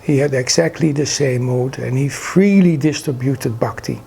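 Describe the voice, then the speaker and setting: A man's voice: mid-range voice, moderate pace, creaky, warm tone, a little hiss or hum. A man earnestly recalling his spiritual teacher in a devout, reverent way. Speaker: disciple sharing memories. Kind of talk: reverent personal reminiscence.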